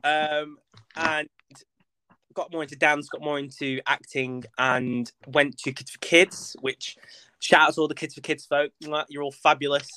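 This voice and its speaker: A man's voice: a little high, a little slow, clear, resonant tone. Flamboyant young man. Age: young adult. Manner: flamboyant, expressive, chatty. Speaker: podcast guest, actor. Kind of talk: casual interview chat.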